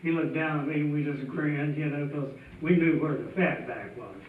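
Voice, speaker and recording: A man's voice: a little high, moderate pace, slight background noise. A man telling a tall tale on a festival stage in a folksy, chuckling way. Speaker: storyteller. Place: festival stage before an audience. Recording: tinny, distant, echoey hall sound.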